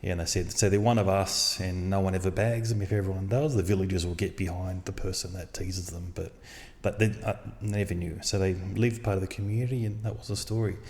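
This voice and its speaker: A man hosting a podcast, telling a story in a casual, animated way and acting out the dialogue. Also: low voice, brisk, few pauses. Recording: long reverb.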